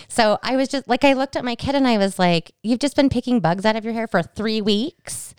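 A woman's voice: fairly high pitch, a little fast, darkish tone, smooth, no room sound, clean studio sound. A woman in her forties co-hosting a podcast, chatting casually and acting out family dialogue as she tells a story. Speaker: podcast co-host. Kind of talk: casual chat.

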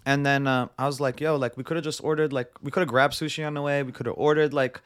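A man's voice: medium pitch, fairly even intonation, quick pace, clean tone. Rambling young man telling a story. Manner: rambling, acts out dialogue with "I'm like" and "like" fillers. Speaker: podcast guest. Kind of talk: casual storytelling.

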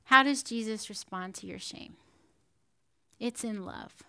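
A woman giving a sermon in a conversational, animated storytelling manner, often checking in with the listeners. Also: mid-range voice, a little slow, gravelly. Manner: animated storytelling with frequent "right?" asides. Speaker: preacher.

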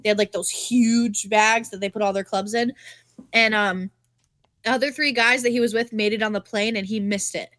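A woman co-hosting a podcast, telling a story in a casual, animated way, swearing freely and full of "like". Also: mid-range voice, normal speed, no room sound, clean studio sound. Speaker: podcast co-host.

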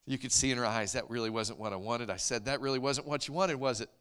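A man preaching a sermon, telling a story in an earnest, soft-spoken way that sinks to a near whisper at tender moments. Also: mid-range voice, quick pace, clean tone. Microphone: handheld mic, later set aside to talk loud off-mic.

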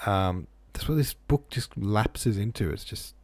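Low gravelly man reading a novel aloud. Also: animated, a little slow, a little mellow, no room sound. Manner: offhand, says "like" a lot. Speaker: reader.

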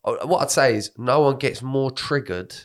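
A man, co-hosting a casual podcast chat, sweary and animated as he tells stories. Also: mid-range voice, normal speed. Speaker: podcast co-host.

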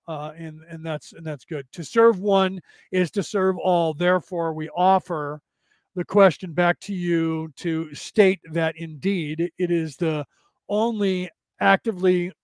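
A man's voice: sits high, dry recording. A man hosting a podcast, explaining a text in a casual, rambling way, often restarting and adding "right?" to check in. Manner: rambling, self-correcting, frequent "right?" tags. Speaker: podcast host.

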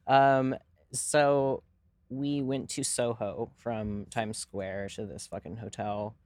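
A man's voice: medium pitch, level tone, slow, darkish tone, no echo. Young man telling a rambling story. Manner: rambling, profane, lots of fillers. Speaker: podcast co-host. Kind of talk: casual storytelling chat.

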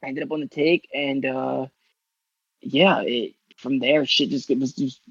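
A man's voice: medium pitch, fairly even intonation, measured pace, slightly rough, no room sound, lo-fi sound. A man from New York telling a long, rambling story in casual podcast talk, full of cursing, fillers and restarts. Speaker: guest rider telling his story.

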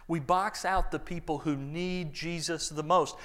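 A man preaching a sermon, acting out the voices in the story and swinging between loud lines and hushed ones. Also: on the high side, fairly even intonation, a little slow, hardly any pauses. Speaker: pastor.

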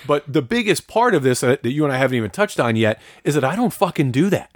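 Foul-mouthed excitable male storyteller. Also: on the high side, fast, no room sound, studio quality. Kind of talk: casual storytelling chat.

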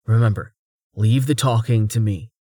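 A man voicing a cautious, uneasy young adventurer who speaks softly. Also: lowish voice, normal speed, husky, no echo, studio quality. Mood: tense quiet. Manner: quiet, soft-spoken.

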